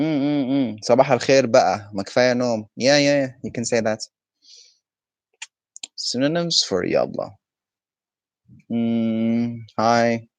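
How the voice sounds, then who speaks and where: A man's voice: mid-range voice, no room sound. A man teaching his language on a live stream, explaining patiently and answering viewers' questions. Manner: explains patiently, answers chat questions, frequent "okay?" and hums. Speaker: Arabic teacher.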